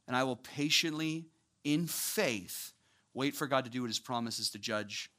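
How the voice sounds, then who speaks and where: Bright, animated male preacher. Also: medium pitch, moderate pace. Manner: animated, acts out voices of biblical figures with casual asides. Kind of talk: sermon.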